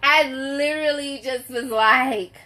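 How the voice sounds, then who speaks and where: Woman in her forties, animated live-chat storyteller, fairly high and crisp voice, emphatic and exasperated. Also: slow. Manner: emphatic, exasperated, repeats herself for effect. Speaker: vlogger greeting live viewers.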